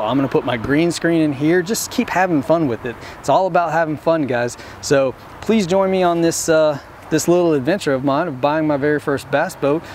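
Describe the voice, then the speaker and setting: A man's voice: on the high side, darkish tone, a little hiss or hum. A man with a Texan accent vlogging casually to camera about fishing, plainspoken and rambling with many ums and restarts. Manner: plainspoken, determined. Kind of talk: casual vlog talk to camera.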